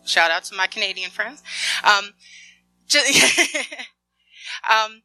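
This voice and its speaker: A woman's voice: mid-range voice, drawn-out words, faint music behind, rough recording. A woman working in information security, giving a storytelling talk full of acted-out dialogue and light laughs. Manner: lively anecdotal storytelling, acts out dialogue.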